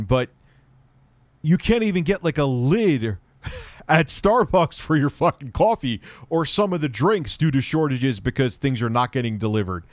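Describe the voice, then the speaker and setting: A man reacts to a video in loose, sarcastic commentary, swearing freely and muttering asides to himself. His voice sits at a middling pitch. The sound is dry and close, with no room echo.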